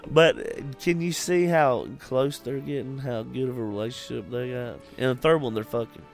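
A man chatting casually about a movie, profane and loud, acting out the characters in put-on voices. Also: medium pitch, moderate pace, creaky, soft background music.

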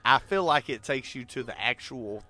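A man's voice: mid-range voice, expressive, normal speed, pushed and bright, soft background music. A young man hosting a casual podcast in a laid-back way, swearing now and then. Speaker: podcast host.

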